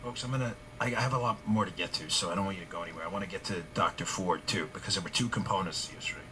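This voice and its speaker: A man's voice: deep voice, rapid-fire, noisy background. A male talk show host in his forties delivering a heated political monologue, hammering points with repeated rhetorical questions.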